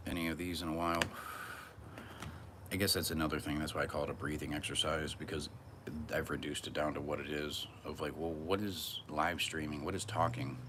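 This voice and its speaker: A man in his thirties with a deep, low voice drifts through a loose, profane monologue. The stream sounds like it is recorded outdoors, with crickets and passing traffic clearly audible behind him. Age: 30s. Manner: musing, profane, wandering monologue. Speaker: live streamer. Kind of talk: rambling solo live stream. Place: outdoors on a hot day.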